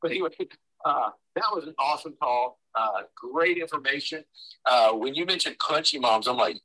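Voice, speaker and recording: A man's voice: medium pitch, normal speed, pushed and bright, rough recording. A man giving rambling, folksy closing remarks on a call, heard over a phone on speaker. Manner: folksy, rambling, addresses listeners as y'all. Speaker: team leader closing a sales call.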